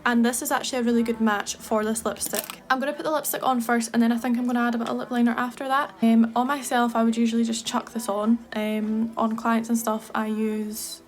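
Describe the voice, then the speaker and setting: Chatty Scottish woman, fairly high voice. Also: flat delivery, brisk, hardly any pauses. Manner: chatty and enthusiastic, gushing. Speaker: makeup artist. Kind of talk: casual makeup tutorial chat.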